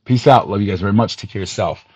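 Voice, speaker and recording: A man hosting a podcast, ranting in an angry callout with lots of swearing, missing some teeth, swinging from loud outbursts to low muttering. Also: rapid-fire, husky, no room sound, highs cut off. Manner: profane, heated, swings from shouting to low muttering. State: missing teeth, awaiting dental work. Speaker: podcast host.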